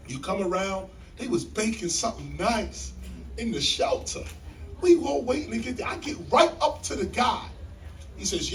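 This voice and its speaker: A man telling a story to a live audience in a library hall, animated and emphatic like a preacher, repeating key lines and jumping in pitch. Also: recorded from a distance, slight background noise. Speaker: guest speaker on stage.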